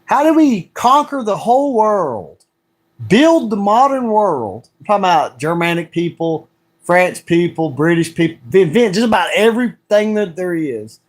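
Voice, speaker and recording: A man hosting a solo livestream, talking in a heated rant full of repeated rhetorical questions. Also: high-pitched. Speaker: livestream host.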